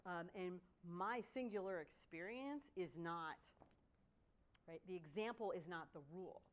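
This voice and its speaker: A woman giving a workshop talk, telling stories in an animated way and often asking "right?". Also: on the low side, unhurried. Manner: animated storytelling with frequent "right?". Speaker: guest speaker. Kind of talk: workshop presentation.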